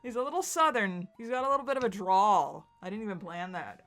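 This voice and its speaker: A woman's voice: medium pitch, expressive, fairly quick, a bit bright, soft background music. A woman reading a webcomic aloud and making chatty, giggly asides. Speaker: webcomic reader. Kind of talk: casual read-along commentary.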